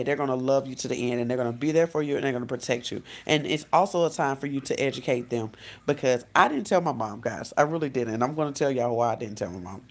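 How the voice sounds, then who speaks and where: A woman life coach giving casual advice in a vlog, talking directly to her viewers in a relaxed, conversational way. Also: very deep voice. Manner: conversational, speaks straight to viewers, acts out quotes.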